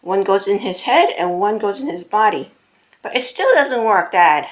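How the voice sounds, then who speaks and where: A woman narrating a casual home video, excitable and cooing baby talk to her pet bird. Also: mid-range voice, moderate pace, rough recording. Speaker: pet vlogger. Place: at home indoors.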